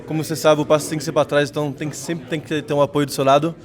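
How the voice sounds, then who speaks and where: A man's voice: on the high side, level tone, rapid-fire. A Brazilian man, a rugby player, answering interview questions in an earnest, humble way. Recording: outdoors with loud crowd behind.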